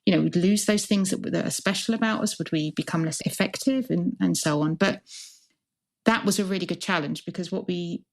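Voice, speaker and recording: Woman, hospital CIO, interview guest, gravelly voice, reflective, earnest. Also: lowish voice, brisk, a little mellow. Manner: earnest, reflective, builds points in lists. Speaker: hospital chief information officer. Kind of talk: conversational interview answers.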